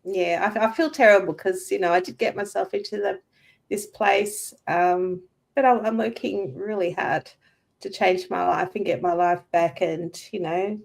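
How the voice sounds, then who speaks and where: A woman's voice: mid-range voice, fairly even intonation, moderate pace, vocal fry. A woman speaking as a guest on a casual livestream, heartfelt and thankful, close to tears. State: emotional, near tears.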